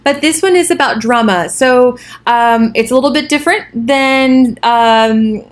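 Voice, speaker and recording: A college English instructor, a woman with a somewhat high voice, records a casual overview of the week's module. She talks in an informal, chatty way, with fillers and offhand asides. The sound comes through a computer mic as she records her screen. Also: a little slow.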